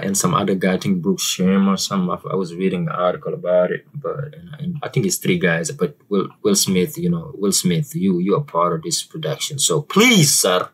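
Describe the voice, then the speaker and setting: A man's voice: sits low, husky, poor audio. A man with an African accent giving a casual, chatty movie review to camera, often repeating words and using fillers.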